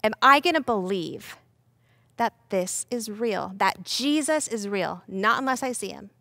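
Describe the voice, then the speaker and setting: A woman's voice: medium pitch, lively intonation, measured pace, a bit bright, no room sound. A woman playing stubborn doubting Thomas. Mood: doubtful.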